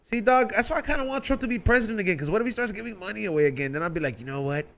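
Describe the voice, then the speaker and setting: Male podcast co-host, slightly high voice, loose profane banter, quick to laugh. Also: gravelly. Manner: profane, excitable, laughs often, acts out quoted voices. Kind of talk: casual chat.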